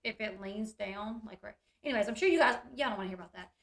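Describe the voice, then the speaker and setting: Bright-voiced chatty woman recapping TV. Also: mid-range voice, fast talker, vocal fry. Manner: chatty, addresses viewers as "you guys", lots of "like". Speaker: reality TV recap YouTuber. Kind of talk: casual reality-show recap.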